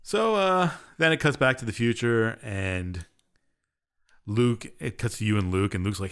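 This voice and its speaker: A man's voice: lowish voice, animated, moderate pace, a bit bright, clear, resonant tone. A young man co-hosting a podcast, casually recapping a game's story in a rambling, offhand and sarcastic way. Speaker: podcast co-host. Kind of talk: casual chat.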